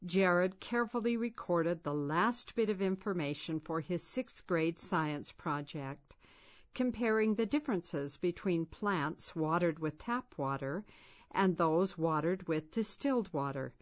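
A woman with a lowish voice reads a children's story at an unhurried, very slow pace. Her narration is gentle and measured. The recording sounds somewhat dull and lo-fi. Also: animated. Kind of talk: storybook reading.

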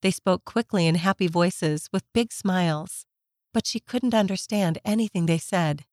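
A woman narrating a children's story in a gentle, measured scripted reading. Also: on the low side, no echo.

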